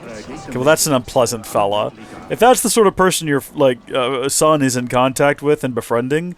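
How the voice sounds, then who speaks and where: A man's voice: mid-range voice, moderate pace. A man hosting a let's play, joking and rambling over the game. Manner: jokey, rambling, excitable. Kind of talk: casual gameplay commentary.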